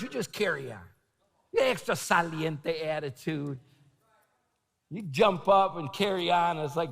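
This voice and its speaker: A middle-aged man giving a storytelling sermon at a conference, animated and shouting at the peaks. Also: fairly high pitch, unhurried, vocal fry. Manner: animated, shouting at the peaks, laughing, quoting himself. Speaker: conference speaker. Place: large conference hall. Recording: long hall reverb.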